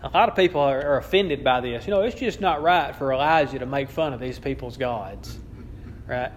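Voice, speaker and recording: A man's voice: mid-range voice, moderate pace, slight background noise. A man preaching a sermon, with an emphatic, repetitive cadence and a touch of wry amusement. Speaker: pastor.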